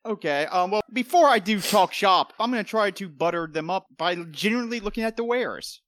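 Male player, animated, higher voice, dry close mic. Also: brisk, dry recording. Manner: animated, laughing. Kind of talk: tabletop game play.

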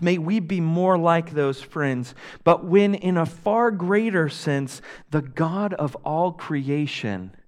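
Earnest young male preacher, slow and high. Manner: earnest preaching, swings between loud emphasis and soft hushed lines. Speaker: pastor. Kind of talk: sermon.

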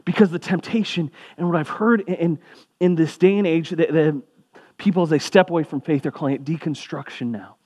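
A man's voice: on the high side, brisk, darkish tone. A young man preaching a sermon as pastor, in a conversational way with casual asides.

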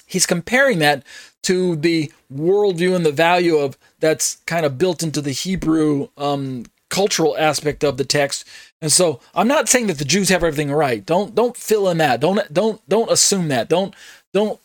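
Earnest man with a higher voice teaching Bible. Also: normal speed, no echo, studio quality. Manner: earnest, emphatic, repeats himself with many fillers.

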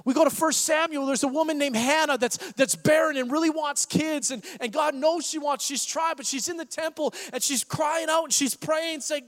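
A man preaching a sermon as pastor, animated and acting out the voices of Bible figures. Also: extremely high pitch, fairly quick, hardly any pauses, long reverb tail.

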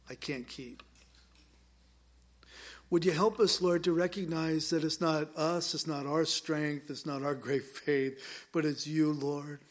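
A man as a pastor, earnestly preaching and then praying aloud in a church, with repeated, pleading appeals. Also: fairly high pitch. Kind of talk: sermon and closing prayer. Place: church sanctuary.

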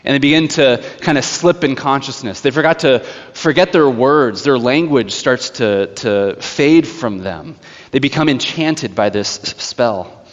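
A male pastor preaching a sermon, telling a story in an animated way. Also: mid-range voice, a little slow. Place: church sanctuary. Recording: echoey church hall, slightly dull.

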